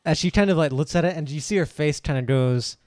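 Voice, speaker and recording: A man's voice: fairly high pitch, quick pace, darkish tone, no room sound, studio quality. A man narrating as game master, casual and hesitant, often laughing.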